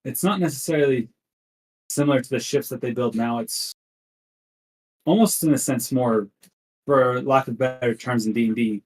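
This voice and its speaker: A man narrating a tabletop game as game master, setting the scene in a deliberate, descriptive way. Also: medium pitch, a little mellow, rough recording.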